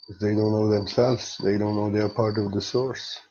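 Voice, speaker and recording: Gentle man giving a rambling spiritual talk. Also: lowish voice, little pitch movement, muffled recording, a little hiss or hum. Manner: gentle, rambling, halting non-native English. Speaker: spiritual teacher.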